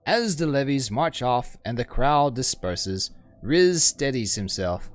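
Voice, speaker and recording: A man's voice: mid-range voice, very animated, takes it slowly, soft background music. A man streaming a game, reading its story aloud and joking about his own voices in a chatty, self-mocking way.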